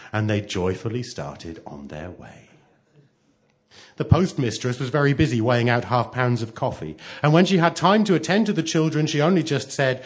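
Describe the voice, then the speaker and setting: A man reading a story aloud expressively, swinging from hushed to loud. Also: medium pitch.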